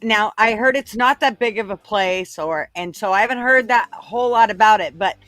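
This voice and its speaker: A woman's voice: medium pitch, moderate pace, a bit bright, dry recording, soft background music. A woman in casual chat on a podcast, blunt and heavy with profanity.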